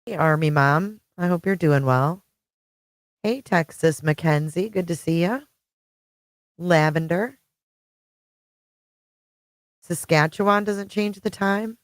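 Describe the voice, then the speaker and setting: Middle-aged woman, deep voice, friendly rambling livestream host, dry close sound. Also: takes it slowly, long pauses, dry recording. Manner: chatty, greets viewers by name. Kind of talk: casual live-chat stream.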